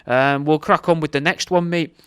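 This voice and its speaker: A male podcast host gives a chatty, offhand plug. His voice is smooth and crisp, recorded close in a dry, dead space. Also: on the high side, fairly even intonation, normal speed, fairly bright tone, no echo. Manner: chatty and offhand, calls listeners mate.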